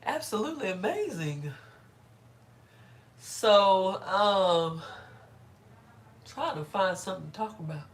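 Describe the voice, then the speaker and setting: A woman's voice: medium pitch, expressive, slow pace, pauses often. A middle-aged woman chatting casually on a live stream while doing her hair, laughing often and greeting viewers by name.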